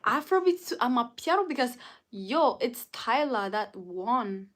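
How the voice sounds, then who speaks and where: A young woman live-streaming, chatting casually with her viewers and greeting them by name in a drawn-out way. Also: on the high side, sing-song, a bit bright. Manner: drawn-out, greets and reads out chat names.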